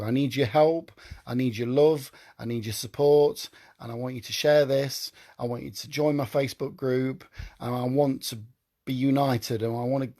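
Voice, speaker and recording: A man's voice: medium pitch, dark tone. A man hosting his own live stream, talking earnestly and emotionally, often repeating himself as he pleads with viewers.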